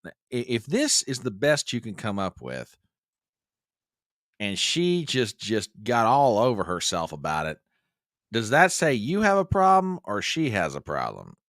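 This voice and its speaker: A man's voice: lowish voice, no room sound, studio quality. Man with a wildly swooping voice. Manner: animated, interrupts with rapid objections. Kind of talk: casual live-stream chat.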